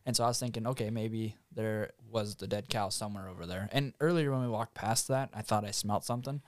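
A man's voice: fairly low pitch, fast talker, no room sound, clean studio sound. A man, a podcast guest, telling a hunting story in a loose, rambling way with fillers. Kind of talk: casual storytelling.

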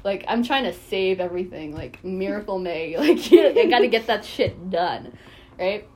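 A young woman co-hosting a podcast, telling lively stories, swearing and laughing often. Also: mid-range voice, normal speed. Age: young adult. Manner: animated storytelling, swears a lot, laughs often. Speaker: podcast co-host. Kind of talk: casual chat.

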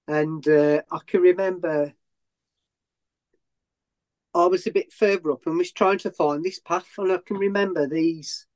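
A man's voice: sits high, fairly even intonation, a little slow, pauses often, a little mellow. A man, a runner being interviewed, who tells a long story in a rambling way with many restarts and self-corrections. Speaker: ultrarunner guest.

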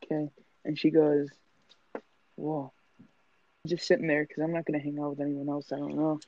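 Gravelly young man, lo-fi. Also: a little high, monotone, moderate pace, dry recording. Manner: profane, joking storyteller. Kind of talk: casual chat. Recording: dull lo-fi sound.

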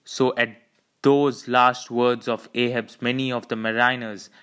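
A man narrating a classic novel in a measured, dramatic storytelling manner. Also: medium pitch, flat delivery, fairly bright tone, clear, resonant tone. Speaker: audiobook narrator. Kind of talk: scripted narration.

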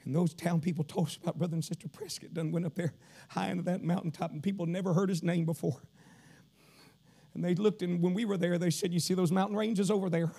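Preaching fast at a revival, a Kentucky man with a Southern accent moves from shouted sing-song delivery to quiet storytelling. His intonation stays fairly even.

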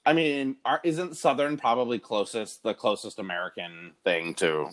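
A man co-hosting a casual chat who tells animated stories and laughs often. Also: medium pitch, normal speed. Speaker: podcast co-host. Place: lives in Los Angeles.

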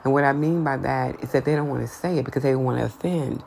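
Very low, gravelly-voiced outspoken woman. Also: fast talker, hardly any pauses, darkish tone, a little hiss or hum. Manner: blunt and outspoken, rising in pitch when heated. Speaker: podcast host. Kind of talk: casual opinion monologue.

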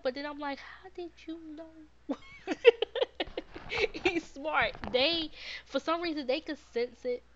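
A woman's voice: fairly high pitch, muffled recording. A woman podcast host, talking casually to her live viewers, repeating words of encouragement and answering their comments. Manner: warm, repetitive encouragement, reads viewer comments.

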